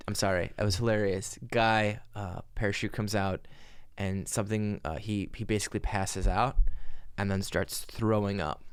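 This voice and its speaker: A man's voice: on the low side, moderate pace, clear, resonant tone, dry recording. A young man co-hosting a podcast, telling rambling stories with lots of restarts. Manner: animated storyteller, rambling with restarts. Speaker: podcast co-host. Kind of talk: casual chat.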